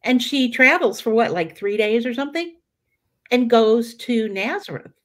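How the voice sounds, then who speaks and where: A middle-aged Catholic teacher with a fairly high, animated voice leads a prayer study at a moderate pace. She teaches in a loose, chatty way with many fillers and restarts, acting out the quoted voices.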